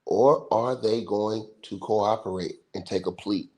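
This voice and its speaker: A man's voice: lowish voice, steady tone, unhurried, mellow. A man hosting a livestream, giving casual sports commentary in an emphatic, slangy, repetitive way. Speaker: livestream host. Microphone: livestream mic.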